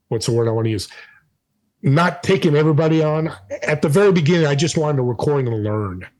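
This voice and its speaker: A man's voice: medium pitch, darkish tone, low-quality recording. A man being interviewed, telling stories with emphatic energy. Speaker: podcast host and guest. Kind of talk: casual interview storytelling.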